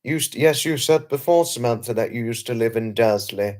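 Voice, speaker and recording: A man's voice: medium pitch, brisk, darkish tone. Guy doing a late night live stream, mid voice, chatty, keeps repeating himself, thanking people in chat. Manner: chatty, repeats phrases, lots of thanks and hellos to viewers, chuckles often; polite, slightly formal wording with restarts. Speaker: livestream host. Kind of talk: casual live stream chat, reading and answering viewer comments.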